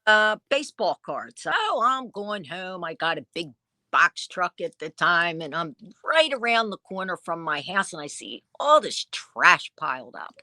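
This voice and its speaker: A woman dealer tells her stories in a casual interview, jumping into quoted voices as she goes. Her tone is bright and cutting, a touch lower than most women. The sound is dry and close, with no room around it. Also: measured pace, no echo. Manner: lively storyteller who acts out quoted dialogue. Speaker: vintage dealer and online seller.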